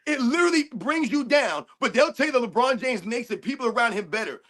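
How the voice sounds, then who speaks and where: A man co-hosts a sports rant stream, firing off heated rhetorical questions. His voice is very high for a man and bright, forceful and tense. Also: animated, quick pace. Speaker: co-host.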